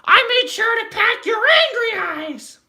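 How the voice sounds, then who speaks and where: A man doing a high, squeaky impression of a frantic female toy potato, with drawn-out wailing. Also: sing-song, pushed and bright, exaggerated voice. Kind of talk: voice impression on live stream.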